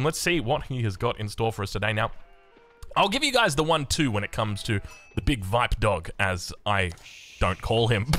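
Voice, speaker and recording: An Australian man giving energetic, jokey play-by-play commentary on a strategy game match as its caster. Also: mid-range voice.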